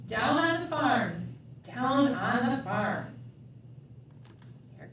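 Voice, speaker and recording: A woman's voice: high-pitched, expressive, takes it slowly, pauses often, fairly bright tone, far from the mic, slight background noise. A woman librarian reading a picture book aloud at storytime, chanting the refrains, making animal sounds and asking the children questions. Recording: echoey room, voice from off mic.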